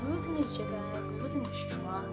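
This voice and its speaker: A woman's voice: fairly high pitch, quick pace, loud music behind the voice. A young adult woman casually telling a personal story, chatty and loose, swearing freely and filling her talk with "like" and "um". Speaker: vlogger.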